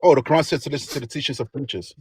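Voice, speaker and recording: A man's voice: medium pitch, rapid-fire, darkish tone, slightly rough, dry recording. A man calling into a live stream debate, rambling and repeating phrases as he insists on scripture. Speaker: caller. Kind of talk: call-in debate.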